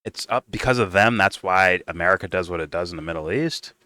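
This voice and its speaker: A man's voice: sits low, quick pace, pushed and bright, no echo. A man hosting a stream, giving rambling, profane, mocking reaction commentary in casual chat. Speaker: stream host.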